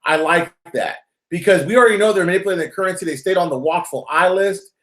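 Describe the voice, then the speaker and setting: A man's voice: high voice, quick pace, fairly bright tone. A man hosting a live call-in show. He talks in a loose, rambling, joking way and chats with callers. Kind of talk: casual live-stream chat. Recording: roomy echo.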